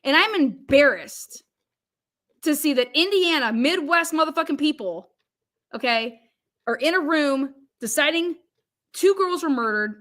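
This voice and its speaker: A woman's voice: high voice, lively intonation, normal speed, fairly bright tone. Angry, profane woman livestreamer. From Ohio. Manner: angry, profane ranting with frequent restarts; reads viewer comments aloud. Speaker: livestream host. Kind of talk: live stream commentary.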